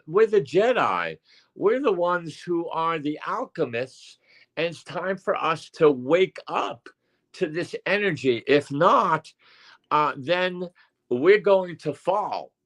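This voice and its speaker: An older man co-hosting as a psychic medium, talking at home in a rambling, halting way with many fillers and restarts. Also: fairly high pitch. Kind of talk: casual chat.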